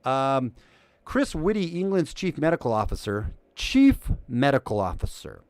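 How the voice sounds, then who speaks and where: A man hosting a casual news commentary stream, sarcastic and animated, swinging between loud remarks and muttered asides. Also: medium pitch, measured pace, clear, resonant tone, no echo. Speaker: host.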